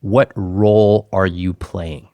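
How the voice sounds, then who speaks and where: Man, low voice, calm probing interviewer, dry close mic. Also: takes it slowly, no echo. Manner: calm, probing questions, quotes others' words back. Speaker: host, financial advisor.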